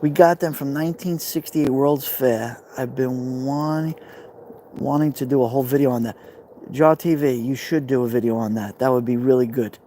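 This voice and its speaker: A man's voice: medium pitch, fairly even intonation, moderate pace, mellow, a little hiss or hum. A man with a Brooklyn accent, live streaming outdoors by a fire pit, rambling casually and answering viewer comments. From New York.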